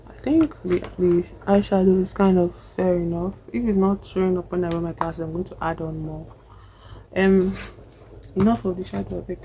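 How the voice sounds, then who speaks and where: Nigerian-accented vlogger, mid-pitched, chatty and animated recap, faint background hiss. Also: moderate pace. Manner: chatty and animated, acts out characters' lines. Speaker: film reviewer. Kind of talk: casual film recap.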